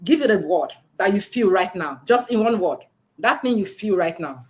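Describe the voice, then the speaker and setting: A woman's voice: medium pitch, expressive, moderate pace, a little mellow. A woman hosting a virtual book launch interview over a video call, encouraging and laughing often. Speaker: host.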